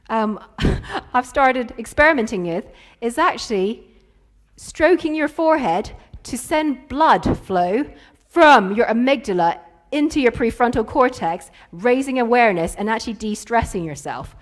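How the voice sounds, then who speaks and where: Woman in her thirties, keynote speaker, playful, lively delivery. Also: fairly high pitch, unhurried. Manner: playful storytelling with acted-out quotes. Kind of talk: conference keynote.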